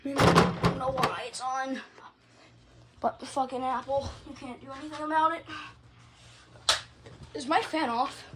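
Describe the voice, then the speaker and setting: A woman with a high-pitched voice talks through a casual home vlog, recorded on a phone she holds while filming. She rambles excitably and swears at almost every turn. A faint hiss sits behind her voice. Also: measured pace, pauses often. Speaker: hobbyist vlogger showing her fans. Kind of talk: casual unscripted vlog commentary. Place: indoors at home. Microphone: phone camera held while filming.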